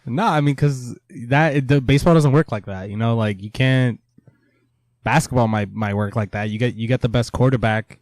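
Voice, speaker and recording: A man's voice: mid-range voice, moderate pace, a little mellow, dry recording. A man co-hosting a podcast in a casual sports chat, earnest and a little defensive, laughing things off. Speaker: podcast co-host.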